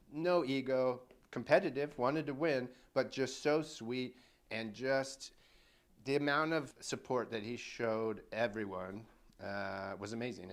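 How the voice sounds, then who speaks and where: A man co-hosting a casual podcast, talking eagerly and going off on long tangents. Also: mid-range voice. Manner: enthusiastic, rambling, tangent-prone. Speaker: podcast co-host.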